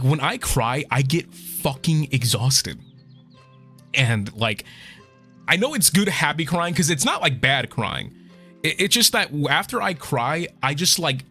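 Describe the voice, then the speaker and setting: Male streamer, lively bright voice, swears a lot and fights back tears, faint music behind. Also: medium pitch. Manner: emotional, swears a lot, trails off and restarts. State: choked up, holding back tears. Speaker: VTuber streamer. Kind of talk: casual chat with viewers.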